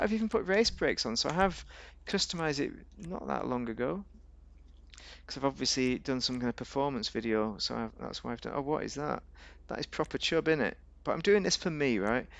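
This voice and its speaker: This gaming host's voice has vocal fry and a fairly bright tone, recorded with no room sound. He plays a game while offering rambling, jokey, casual remarks, often to himself, with abrupt jumps in pitch.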